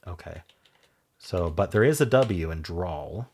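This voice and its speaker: A Wordle video host with a deep, slightly husky voice thinks aloud as he works through guesses, speaking unhurriedly with lively intonation. He spells out letter combinations and lets sentences trail off softly as keys click in the background.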